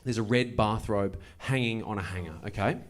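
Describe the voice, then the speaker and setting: A man doing stand-up, telling a story with wry, deadpan delivery and playful asides. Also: fairly low pitch, normal speed. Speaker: stand-up comedian. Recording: live show with audible noise. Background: audience laughter.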